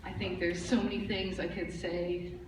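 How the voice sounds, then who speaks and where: A young woman with a lowish voice gives a soft, hesitant tribute at a church open mic. She sounds far from the mic, and the hall echoes heavily over a noisy background. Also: level tone, normal speed. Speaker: daughter giving a tribute. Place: large church hall, live event.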